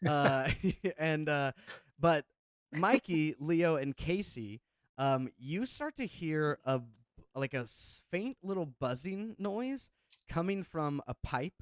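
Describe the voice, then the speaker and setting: A man's voice: on the high side, animated, takes it slowly, clean tone, no echo, clean studio sound. A man narrating a tabletop game as game master, loose and full of fillers.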